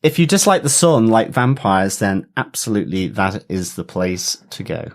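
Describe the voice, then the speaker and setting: A man co-hosting a TV podcast in casual chat, relaxed and often pausing on fillers. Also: fairly low pitch. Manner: relaxed, with frequent filler pauses. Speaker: podcast co-host.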